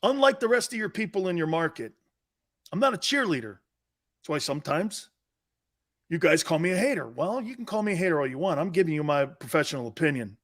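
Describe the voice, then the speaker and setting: Animated man hosting a sports show. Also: a little high, a little fast. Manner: animated, bantering, often laughing. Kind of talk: casual live-stream talk, reading viewer chat.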